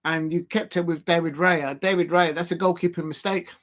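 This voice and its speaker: Man, football watch-along host, casual rambling chat, somewhat high pitch. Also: steady tone, brisk, a bit bright. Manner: rambling and chatty, laughing often. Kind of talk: casual live-stream commentary.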